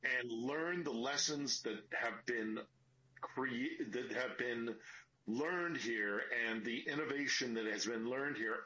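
A man's voice: medium pitch, takes it slowly, pushed and bright. A man, a war correspondent, speaking by phone in an earnest, explanatory way, tired from lack of sleep. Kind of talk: phone interview. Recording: dull lo-fi phone line.

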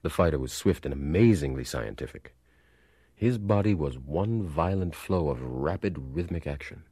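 A man giving a measured, reflective audiobook narration of a literary story. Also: rumbling low, animated, warm tone, husky, dry recording, clean studio sound.

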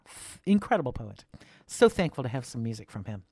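A woman's voice: very deep voice, very animated, brisk, darkish tone, husky, no room sound, clean studio sound. A woman hosting a community radio music show, chatting casually and enthusiastically between songs with the odd laugh. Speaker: radio host.

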